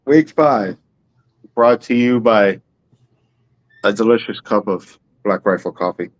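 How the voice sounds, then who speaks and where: A man's voice: fairly low pitch, slow pace. A man co-hosting a casual chat about football picks, swearing and joking as he goes. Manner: profane, joking banter. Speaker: podcast co-host.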